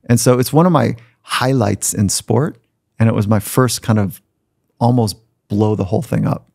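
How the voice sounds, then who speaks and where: A middle-aged man, a podcast guest, candidly telling animated stories with some swearing. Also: on the low side, normal speed, creaky, no echo, studio quality. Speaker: podcast guest, sport psychologist. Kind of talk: storytelling conversation.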